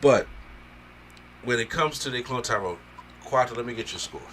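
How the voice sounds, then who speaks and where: A man hosting a casual movie review podcast, talking excitedly and swearing as he acts out scenes. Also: medium pitch, normal speed, a little hiss or hum. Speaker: podcast host.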